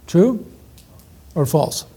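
A man's voice: drawn-out words, noisy background. A middle-aged man preaching an interactive teaching sermon, energetically quizzing the audience with questions.

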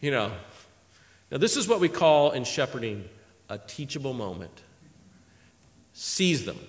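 A man preaching a sermon, animated and emphatic, acting out conversations as he teaches from scripture. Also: medium pitch, measured pace. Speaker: preacher teaching a Bible passage. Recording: long reverb of a large hall.

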